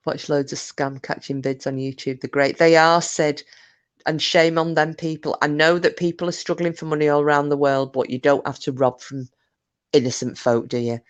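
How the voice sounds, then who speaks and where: A British woman from the UK, chatting casually with viewers on her livestream, swearing and mocking scammers. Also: deep voice. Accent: British English. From United Kingdom. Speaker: livestream host. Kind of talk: casual live chat with viewers.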